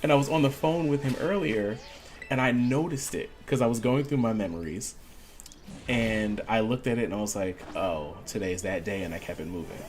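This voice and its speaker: Low-voiced man telling a story over faint music. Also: normal speed. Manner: animated storyteller, acts out quoted voices. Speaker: gaming streamer. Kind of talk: casual storytelling while gaming.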